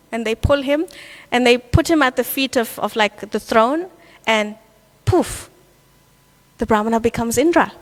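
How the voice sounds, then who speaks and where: A woman teaching a devotional scripture class, telling a story in a lively way with many fillers. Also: on the high side. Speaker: class speaker.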